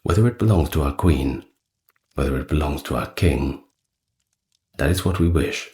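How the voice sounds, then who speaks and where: A man's voice: a bass voice, lively intonation, normal speed, a little mellow. A man voicing a pair of small sexless spirit creatures who answer firmly together. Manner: firm and simple, speaking in unison.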